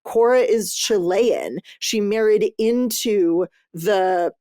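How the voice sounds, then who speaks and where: A woman hosting a podcast, chatting casually about books she read, lively and loose, cursing freely as she goes. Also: mid-range voice, slow pace, dry recording, clean studio sound. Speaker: podcast host. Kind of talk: casual book review chat.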